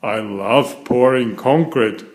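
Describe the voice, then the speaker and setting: A man's voice: medium pitch, takes it slowly, reverberant, lightly acted. A man reading a children's storybook aloud, voicing an eager little girl piglet.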